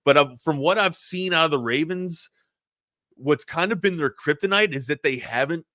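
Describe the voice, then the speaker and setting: With a slight Baltimore accent, a man co-hosts a sports talk show, breaking down games in a rambling, animated way. His fairly high voice is bright and forceful at normal speed, recorded dry and close on a studio mic.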